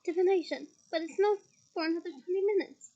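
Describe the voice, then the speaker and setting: A woman's voice: very high voice, fast, warm tone, highs cut off. A woman voicing a level-headed teenage schoolboy wizard who speaks plainly. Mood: puzzled.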